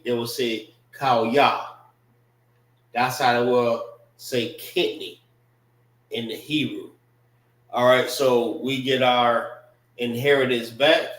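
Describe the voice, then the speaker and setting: A man teaching an informal language class, slow and repetitive, casual in his talk. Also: mid-range voice, fairly bright tone, far from the mic. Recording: roomy, from off-mic.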